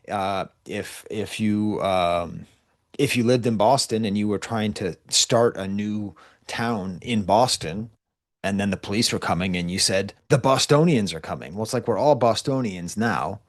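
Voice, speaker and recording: A man's voice: fairly low pitch, measured pace. A man who is a college professor, giving a recorded class lecture in a conversational, digressive way with frequent asides and restarts.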